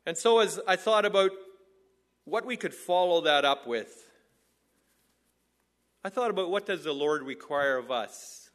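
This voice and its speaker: A man preaching a sermon in an earnest, measured way, building his points through repeated phrases. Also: on the high side, expressive, a bit bright. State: out of breath.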